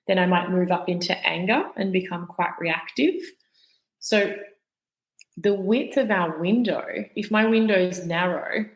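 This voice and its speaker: A woman with a fairly low voice talks as a guest expert on a podcast. She teaches calmly and patiently and builds her points from everyday situations. The room around her gives a noticeable echo. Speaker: guest expert on the nervous system. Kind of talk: explanatory podcast interview.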